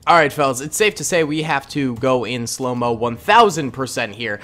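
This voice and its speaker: A man's voice: mid-range voice, expressive, moderate pace, fairly bright tone. A young man hosting a gaming channel, giving upbeat, chatty gameplay commentary and chuckling often.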